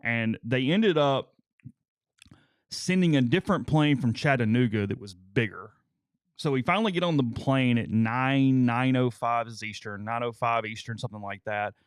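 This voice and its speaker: A man's voice: medium pitch, normal speed, clear, resonant tone, no echo, clean studio sound. A male co-host in a casual chat, telling long stories and stammering on repeated words.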